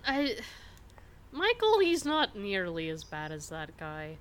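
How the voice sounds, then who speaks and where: A woman's voice: mid-range voice, wildly swooping pitch, takes it slowly, clean tone. A woman playing a tabletop game, teasing the others and laughing often in casual table talk. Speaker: player.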